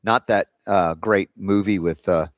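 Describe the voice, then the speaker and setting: A man's voice: low-pitched, fairly even intonation, a little slow, dry recording, studio quality. A man hosting a talk show, chatting casually and rambling with many fillers and restarts. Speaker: radio show host.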